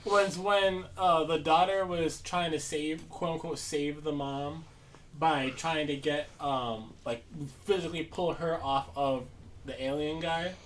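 A speaker in casual chat about a movie, lively and quick when quoting characters. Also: medium pitch, distant mic, slight background noise.

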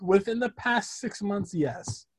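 A man co-hosting a podcast, telling a story in a relaxed, laughing way. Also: high voice, slow pace, husky. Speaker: podcast co-host. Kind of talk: casual chat.

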